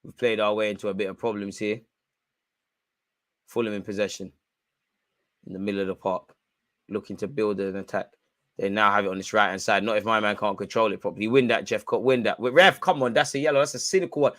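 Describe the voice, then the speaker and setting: A young man hosting a football watch-along, commenting live and shouting at the referee. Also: fast talker. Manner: animated, shouts at the referee, spikes in pitch and volume.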